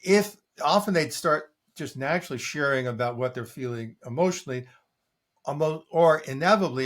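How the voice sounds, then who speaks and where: An older man, a coach being interviewed, telling stories in a lively way and acting out what his clients say. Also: medium pitch. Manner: animated storytelling, acting out quoted clients. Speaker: coach and guest. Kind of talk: conversational interview answer.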